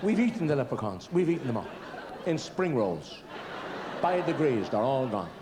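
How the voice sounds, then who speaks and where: A man's voice: mid-range voice, big pitch swings, normal speed, crowd noise, background noise. A man with an Irish accent doing live stand-up comedy, with rambling, self-mocking storytelling.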